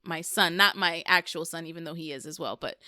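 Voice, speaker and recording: A woman in her thirties hosts a casual podcast chat, her voice bright and crisp, a little higher than most. She talks candidly and swears freely, and the sound is close and dry. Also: a little fast, no echo. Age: 30s. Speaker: podcast host.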